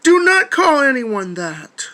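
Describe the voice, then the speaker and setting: A man replies to another video in a measured, lecturing tone, with stiff phrasing. He speaks slowly and in a fairly high voice. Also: big pitch swings, bright, forceful tone. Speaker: vlogger replying to a video. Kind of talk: calm commentary.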